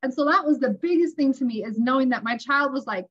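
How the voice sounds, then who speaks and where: A woman telling family stories in an online interview, animated and acting out the dialogue she quotes. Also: high-pitched, quick pace, few pauses, lo-fi sound. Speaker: tapping practitioner guest.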